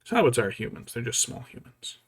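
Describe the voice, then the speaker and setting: A man's voice: medium pitch, quick pace, gravelly, husky. A man casually thinking aloud as he paints a miniature, rambling and musing to himself. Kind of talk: casual hobby vlog chat.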